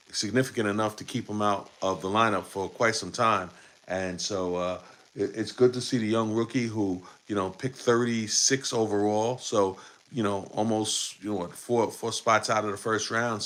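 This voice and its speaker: Male host with a low voice, loose live post-game sports chat, rambling and full of fillers. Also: a bit bright. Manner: rambling, many fillers and restarts. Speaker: podcast host.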